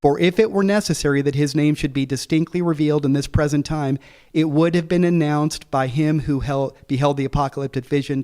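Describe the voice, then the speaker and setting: A man teaching a Bible class, reading quoted passages slowly and explaining them in a casual way, thinking aloud with many fillers and restarts. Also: a little high, a little mellow. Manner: slows down to read quoted passages.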